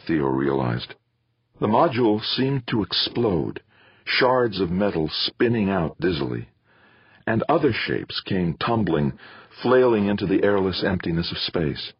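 A man narrating a novel in a dramatic, lively reading style. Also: sits low, slightly rough, no room sound. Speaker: audiobook narrator. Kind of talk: scripted narration of a sci-fi novel. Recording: slightly muffled.

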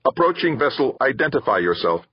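A man's voice: mid-range voice, very animated, a little fast, husky, no room sound, highs cut off, voice pushed up. A man voicing a computerized guard voice on a comm speaker, formal and commanding. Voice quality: synthesized, machine-like. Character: cold computerized male guard voice.

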